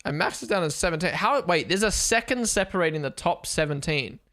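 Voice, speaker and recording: A young man hosting a live race watchalong stream, chatting casually, excitable and swearing as he thinks aloud. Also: fairly high pitch, brisk.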